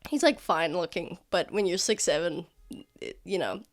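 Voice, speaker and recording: A woman co-hosting a podcast in casual chat, telling stories in an animated, rambling way, laughing often and saying "like" a lot. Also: lowish voice, moderate pace. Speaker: podcast co-host.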